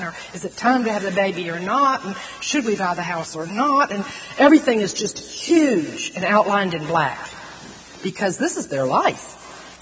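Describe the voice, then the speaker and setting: Woman preaching in a reverberant hall. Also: mid-range voice. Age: middle-aged. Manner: earnest, animated, drawing out words for emphasis. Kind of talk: sermon. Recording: long hall reverb, faint noise.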